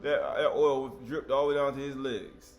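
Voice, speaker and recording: A man's voice: mid-range voice, little pitch movement, normal speed, faint music behind. A man preaching an informal sermon, reading scripture and breaking into conversational asides and rhetorical questions.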